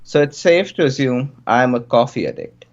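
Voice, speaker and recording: A man's voice: mid-range voice, lightly acted. A man putting on an Indian-accented young student. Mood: earnest. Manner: slow, deliberate reading of written answers. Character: young male student reading his own interview answers. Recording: dull lo-fi mic.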